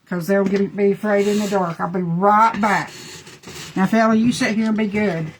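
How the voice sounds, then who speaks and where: A woman's voice: mid-range voice, steady tone, moderate pace, a little hiss or hum. A woman chatting folksily through a live makeup demo, talking to her dogs between steps.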